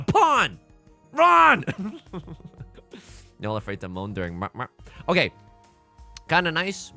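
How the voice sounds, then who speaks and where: A young man giving jokey, excitable commentary over a mahjong game he is playing, breaking into sudden outbursts. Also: mid-range voice. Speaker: gaming YouTuber and commentator. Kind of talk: mahjong let's play commentary.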